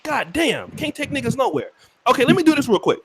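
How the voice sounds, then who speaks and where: Fast-talking high-voiced male host. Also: slight background noise. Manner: rapid, slangy, repeats calls for calm. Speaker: host and moderator. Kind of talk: moderating a heated online panel.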